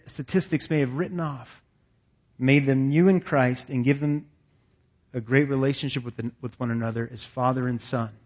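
A man's voice: mid-range voice, darkish tone, lo-fi sound. A man leading a men's ministry meeting, preaching in a folksy, conversational and self-deprecating way to men seated around tables. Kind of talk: sermon to a men's gathering.

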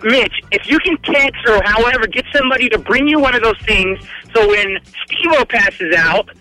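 Call-in listener, man, extremely high and sharp tone, relaxed joker. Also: moderate pace, dry recording, low-quality recording. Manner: joking, relaxed, slangy. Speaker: caller. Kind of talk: casual phone-in chat.

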